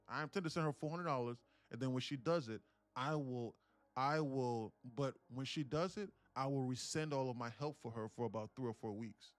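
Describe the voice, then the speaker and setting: Live-streaming his day trading, a man with a mid-range voice tells a story in an animated, profane, rambling way, restarting often. The recording is dry.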